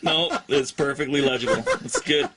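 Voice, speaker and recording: Man speaking off-mic through loud noise. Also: medium pitch, fairly even intonation, moderate pace. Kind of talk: casual chat.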